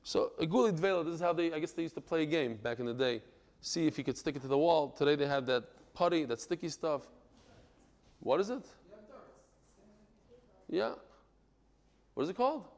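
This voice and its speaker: A man from Brooklyn, New York, teaching a Talmud class in a lively, digressive way, breaking into joking stories. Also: on the high side, fairly quick, long pauses. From United States (Brooklyn, New York).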